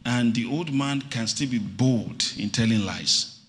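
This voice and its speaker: A middle-aged pastor preaches an animated sermon in a church hall, calling for responses from the congregation and acting out little stories. His mid-range voice moves a little slowly, and the reverberant recording carries a little hiss or hum.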